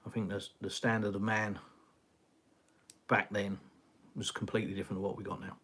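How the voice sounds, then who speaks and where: A man's voice: lowish voice, little pitch movement, a little fast, fairly bright tone, breathy edge. A middle-aged man from England hosting a casual live chat, reading viewer comments in a rambling way, with many fillers and sighs. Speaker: live stream host. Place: home, in Russia.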